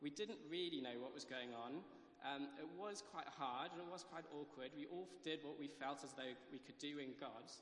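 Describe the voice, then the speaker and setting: A man's voice: a little high, normal speed, few pauses, fairly bright tone. Hesitant man testifying in an echoey hall. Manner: hesitant, many ums and restarts. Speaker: church member giving testimony. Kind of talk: casual testimony in church. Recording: echoey hall, live church mic.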